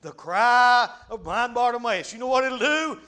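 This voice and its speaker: A man preaching a fervent revival sermon, dropping frequent amens and breaking into shouts. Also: extremely high pitch, animated, moderate pace, clean tone.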